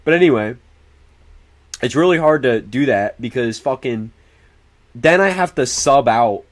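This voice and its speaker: A young man talking straight to his livestream chat. He rambles in an animated way, swears freely and stays loose and casual throughout. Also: medium pitch, measured pace.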